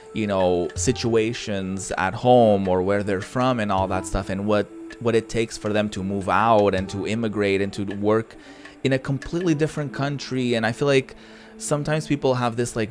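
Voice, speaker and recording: A young man giving heartfelt, rambling commentary on a game he is playing, full of fillers and restarts. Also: fairly low pitch. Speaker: gaming streamer. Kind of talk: casual gameplay commentary.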